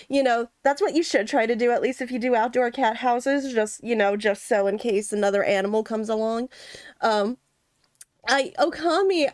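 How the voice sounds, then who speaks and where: Young woman streamer rambling + giggling to chat, kinda high voice, dry close mic. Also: dry recording. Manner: chatty, giggly, rambling with many fillers. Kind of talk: casual chat.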